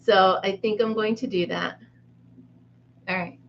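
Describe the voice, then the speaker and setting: A woman's voice: medium pitch, steady tone, unhurried. Woman, live chat host, giggly, self-mocking, chatty, slightly muffled recording, faint background hiss. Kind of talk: casual live chat with viewers. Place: a room at home.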